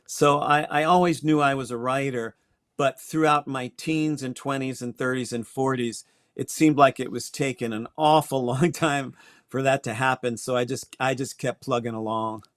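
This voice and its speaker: A man's voice: medium pitch, steady tone, normal speed, fairly bright tone, no room sound, studio quality. An older man from Connecticut, a guest astrologer, telling his story in a reflective way with small restarts. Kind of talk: interview conversation.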